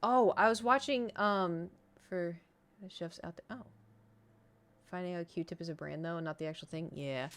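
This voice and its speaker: A woman's voice: lowish voice, moderate pace. A woman streaming, chatting casually and animatedly with her viewers. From United States. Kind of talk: casual chat with chat.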